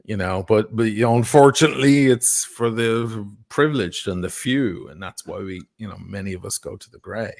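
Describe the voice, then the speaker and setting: Male panel guest, lowish voice, blunt and combative, swears a lot. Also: normal speed, creaky, hardly any pauses. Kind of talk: casual livestream chat.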